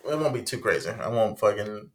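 A man's voice: on the low side, lively intonation, a little fast. A man hosting a podcast in casual chat, crude and joking, rambling. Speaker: podcast host.

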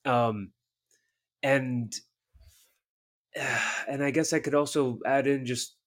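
A man's voice: medium pitch, fairly even intonation, fairly bright tone. A man who works as a therapist, chatting casually with frequent restarts and repeated words. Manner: halting, many restarts and fillers. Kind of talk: casual conversation.

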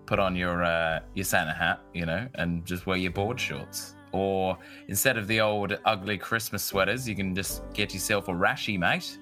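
A man's voice: low voice, fairly even intonation, normal speed, hardly any pauses, pushed and bright, soft background music. A man co-hosting a podcast, chatting casually in an easygoing, jokey, slangy way. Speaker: podcast co-host. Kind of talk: casual chat.

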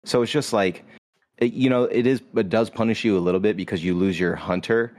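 A man's voice: lowish voice, brisk, a little mellow. A man hosting a casual podcast chat, explaining a video game at length with plenty of fillers. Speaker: podcast host. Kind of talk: casual chat about games.

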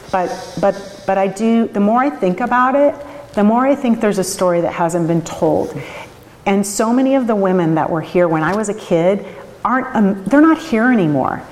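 A middle-aged woman, interviewed for an oral history, talking in halting, restarting sentences and getting emotional. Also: medium pitch, a little mellow, in a large hall, poor audio. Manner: emotional, chokes up, laughs often. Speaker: interviewee, winery owner.

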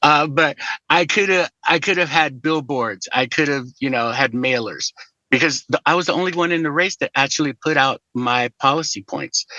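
A middle-aged man chatting as a podcast guest, an animated storyteller who jokes and laughs easily. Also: mid-range voice, no room sound, highs cut off. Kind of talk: casual conversation.

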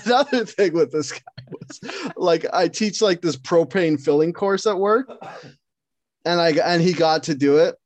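A man co-hosting a podcast, telling work stories in a casual, animated way, laughing and swearing often. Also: a little high, measured pace, no echo. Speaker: podcast co-host.

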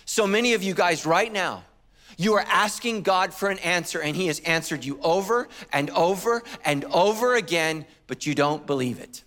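Casting: middle-aged male pastor, high voice, animated storytelling sermon. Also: normal speed. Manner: animated storytelling with acted quotes and humor.

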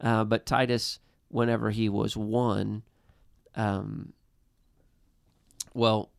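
A man in his thirties earnestly telling a personal family story, halting with frequent restarts. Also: on the low side, level tone, vocal fry, clean tone, no echo, clean studio sound. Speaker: guest. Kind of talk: personal storytelling in a podcast chat.

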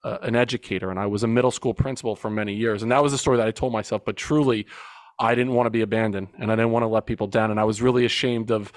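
A man's voice: lowish voice, no echo. Earnest man in his forties, dry sound. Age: 40s. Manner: earnest and reflective, with emphatic retelling. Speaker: podcast guest, men's coach. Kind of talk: personal storytelling in an interview.

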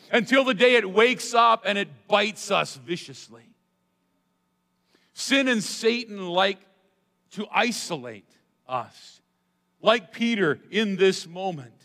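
A man with a high voice delivers a sermon in a church, his reverb trailing through a large hall. He preaches dramatically, punching some lines loudly and dropping others to a near hush. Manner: dramatic, swings from loud emphasis to hushed asides. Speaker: pastor. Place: church sanctuary.

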